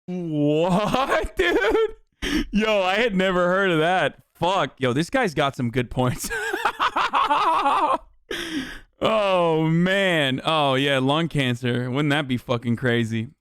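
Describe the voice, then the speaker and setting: A man's voice: fairly high pitch, animated, takes it slowly, fairly bright tone, clean tone, no room sound, clean studio sound. A young man streaming, giving profane and sarcastic commentary on a radio clip he is reacting to. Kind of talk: casual livestream commentary.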